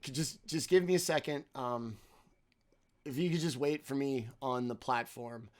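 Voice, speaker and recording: A man's voice: mid-range voice, normal speed, a little mellow, close to an everyday voice. A man voicing a flustered, hungover male guide who talks hesitantly, full of sighs and fillers.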